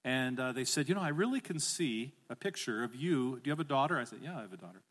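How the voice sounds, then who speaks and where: A middle-aged male pastor preaches a sermon fast in a mid-range voice. He's animated, builds to emphatic calls, and has the congregation repeat phrases back to him.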